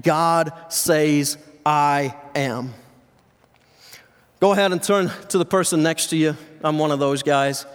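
A man's voice: fairly high pitch, fairly even intonation, moderate pace, hardly any pauses, clear, resonant tone. A male pastor giving a sermon in a conversational, joking way to his congregation. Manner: conversational preaching, jokes with congregation. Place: church sanctuary with live audience. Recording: reverberant hall sound.

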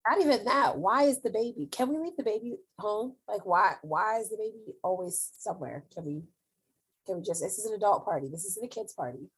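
Woman with kinda husky voice, chatty and emphatic, repeats words when excited. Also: medium pitch, fairly quick, rough recording. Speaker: co-host recapping a TV episode. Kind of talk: casual chat.

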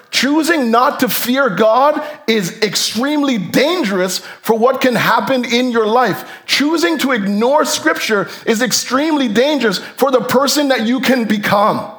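A man preaching a sermon as pastor, animated, his voice jumping up for emphasis and then dropping low. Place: church sanctuary.

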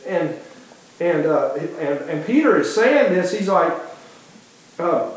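A man's voice: a little high, big pitch swings, takes it slowly. A man preaching a sermon with passion, often restarting phrases and acting out quoted dialogue. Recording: very echoey hall.

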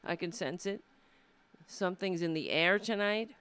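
A woman's voice: lowish voice, normal speed, a bit bright, smooth. A woman comedian from hosting her own show, talking in a rambling, profane, sardonic way into a desk microphone. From Brooklyn, USA. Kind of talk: casual live-stream monologue.

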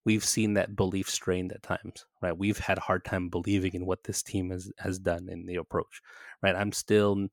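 A man co-hosting a casual podcast, making measured points and often checking in with "right?". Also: low-pitched, little pitch movement, dry recording, studio quality. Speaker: podcast co-host. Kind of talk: casual chat about soccer.

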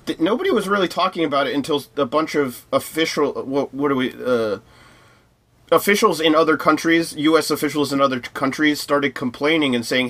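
A man's voice: fairly high pitch, fairly quick, a bit bright. A man co-hosting a podcast, reading news items aloud with many fillers and restarts in casual discussion. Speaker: podcast co-host.

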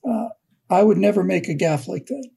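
A man giving political commentary on a talk show, speaking haltingly and often repeating words as he restarts sentences. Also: high voice, expressive, creaky, dark tone, slightly rough. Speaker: co-host and commentator.

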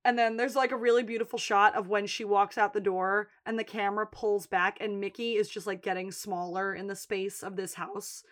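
A woman's voice: mid-range voice, normal speed, few pauses. A woman co-hosting a podcast, recapping a TV episode in casual chat and acting out characters' lines. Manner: animated recapping, acting out quotes. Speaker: podcast co-host.

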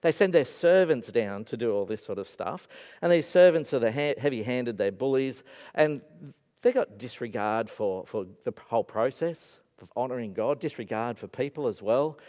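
A male preacher giving an animated, storytelling sermon in a church. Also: mid-range voice, normal speed. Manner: animated storytelling with acted-out voices. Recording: echoey hall.

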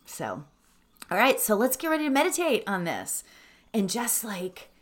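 A middle-aged woman teaching meditation, chatting with animated reflection and then guiding breathing in a calm, soft voice. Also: a little high, moderate pace. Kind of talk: casual talk leading into guided meditation.

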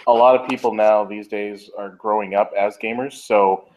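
Man panelist, lowish voice, thoughtful and hesitant casual chat. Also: steady tone, normal speed, darkish tone, rough recording.

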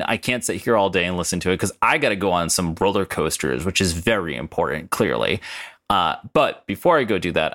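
A man's voice: low-pitched, fairly bright tone. A young man hosting a casual podcast, rambling, swearing and laughing as he recaps a story tape. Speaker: podcast co-host.

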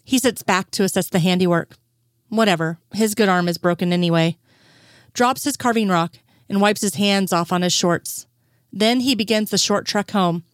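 A woman's voice: mid-range voice, no room sound. Young woman, dry close narration of fan fiction, casual and profane. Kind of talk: scripted fan fiction reading.

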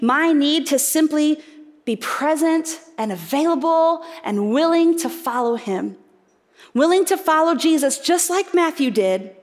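A woman preaching a sermon, earnest and reflective, posing rhetorical questions to her congregation. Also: high voice. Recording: reverberant hall.

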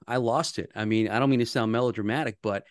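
A radio man from the Philadelphia area talks through a story in an earnest, conversational way, often restarting his sentences. His voice sits at an ordinary middle pitch, and the sound is dry and close. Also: quick pace, no room sound. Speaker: radio host, guest. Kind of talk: casual podcast chat.

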